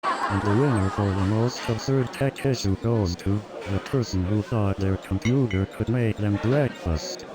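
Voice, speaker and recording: A synthetic male stand-up comic runs through one-liner after one-liner, chuckling between jokes. His voice sits a little low for a man. A loud crowd and pounding music fill the background. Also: a little slow. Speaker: stand-up comedian. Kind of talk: stand-up comedy routine.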